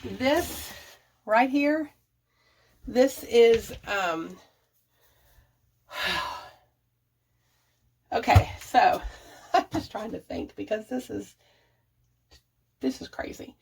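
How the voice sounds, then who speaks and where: Direct: chatty woman tidying her bathroom, gravelly edge. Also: fairly high pitch, drawn-out words, pauses often, a little hiss or hum. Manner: chatty, laughs often, thinks aloud. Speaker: budget and declutter vlogger. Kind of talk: casual chatty vlog, talking to viewers while organizing. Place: home bathroom. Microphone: camera set up nearby, moved around.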